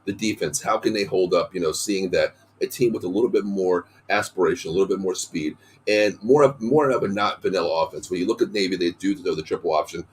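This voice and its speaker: A man with a hoarse voice hosting a casual sports podcast, excitedly running through game stats. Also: low-pitched, a little hiss or hum. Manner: excited, talks in quick bursts of stats. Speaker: podcast host.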